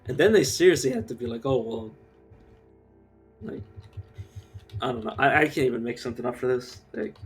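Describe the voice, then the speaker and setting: Talking fast with lively intonation, a medium-pitched male streamer rambles and rants while playing a game live. He swears a lot and leans on fillers, with faint music behind him.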